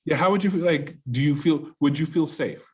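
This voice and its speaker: A man teaching an online class over a video call, speaking haltingly with restarts and rhetorical questions. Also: fairly high pitch.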